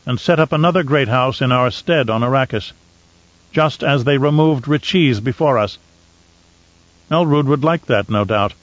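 Brief: man voicing a sly, cool-headed advisor, measured delivery, dry dull read. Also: medium pitch, no echo, lightly acted. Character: cold, calculating male Mentat advisor.

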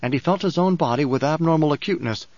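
Man narrating an audiobook, measured delivery. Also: on the high side, darkish tone, no echo. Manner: measured, dramatic reading. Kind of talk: scripted narration. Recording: dull, dry recording.

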